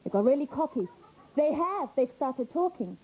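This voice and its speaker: A woman's voice: sits high, very animated, moderate pace, mellow, rough recording. A woman doing stand-up, chatty and emphatic, with rhetorical asides. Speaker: stand-up comedian. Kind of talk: stand-up routine.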